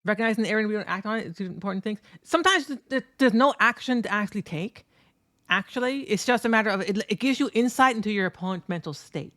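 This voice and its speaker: A woman giving excitable, profane commentary over footage of her own fighting game matches and talking straight to viewers. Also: mid-range voice, quick pace, dry recording. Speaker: competitive fighting game player. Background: faint background music.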